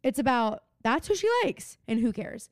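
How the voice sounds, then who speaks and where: A woman's voice: on the high side, expressive, moderate pace, no echo, studio quality. A young woman co-hosting a podcast, recapping a show in casual chat, saying "like" often and getting worked up. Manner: chatty, says "like" a lot, gets worked up and swears. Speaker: podcast co-host.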